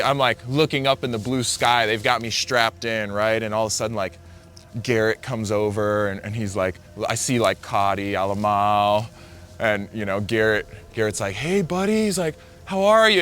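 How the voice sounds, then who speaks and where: A man's voice: on the low side, fairly even intonation, normal speed, a bit bright. A man, a big-wave surfer, telling a personal story casually, rambling with lots of "like" and restarting his sentences.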